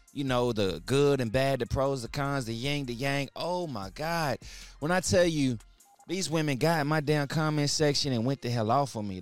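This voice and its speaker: A man's voice: mid-range voice, no room sound. A man hosting his own podcast in casual, hyped talk, heavy on slang and repeating words for emphasis. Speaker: podcast host.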